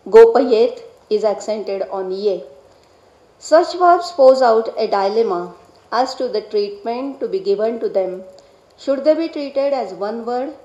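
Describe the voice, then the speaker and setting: A woman delivers a read academic lecture at a slightly raised pitch, her voice mellow and soft-edged. She speaks in a measured, deliberate way and takes care over each technical term. The sound is roomy, with the echo of a hall. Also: muffled recording. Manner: measured, deliberate delivery with careful pronunciation of Sanskrit terms. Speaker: scholar presenting a paper.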